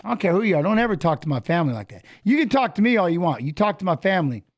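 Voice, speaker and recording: A man telling a heated story in casual chat, profane and animated, acting out what he said. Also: high voice, very fast, slight background noise. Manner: animated, profane retelling of an argument.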